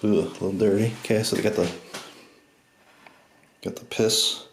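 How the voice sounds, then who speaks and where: A man with a very low voice talks into a handheld camera as he walks a forest trail. His commentary rambles along loosely with fillers and restarts, while steady outdoor noise hums behind him. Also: a little fast, gravelly, long pauses. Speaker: vlogger. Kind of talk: casual walking vlog commentary.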